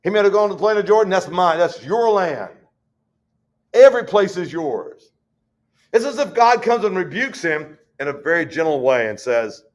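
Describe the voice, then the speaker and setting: A man's voice: sits high, sing-song. Folksy man leading a Bible study. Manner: folksy, conversational, reads scripture slowly.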